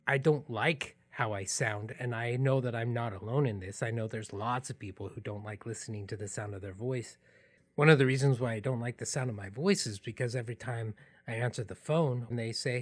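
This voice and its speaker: A man hosting a podcast, telling a personal story in a reflective, earnest way that drops into quiet asides. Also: medium pitch. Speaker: podcast host.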